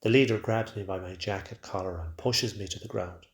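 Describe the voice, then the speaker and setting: Quiet guy reading his story, lowish voice, echoey room. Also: a little fast. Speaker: narrator. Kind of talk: first-person story reading. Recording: roomy echo.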